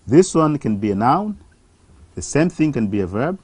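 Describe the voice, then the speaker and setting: A teacher giving a slow, deliberate televised English grammar lesson, posing questions to the class and answering them. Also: mid-range voice, big pitch swings, a little mellow, breathy edge, dry recording.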